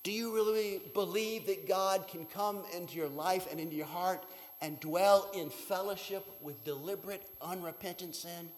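A man preaching a sermon as pastor, shifting between hushed, whispered lines and loud, emphatic ones. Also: high-pitched, fairly even intonation, normal speed. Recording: reverberant hall.

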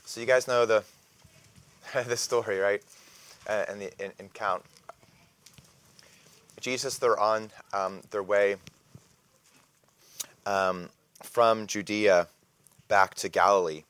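A man teaching a casual Bible lesson, speaking hesitantly with many fillers and restarts and often clearing his throat. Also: on the low side, fairly even intonation, slow, long pauses, a bit bright.

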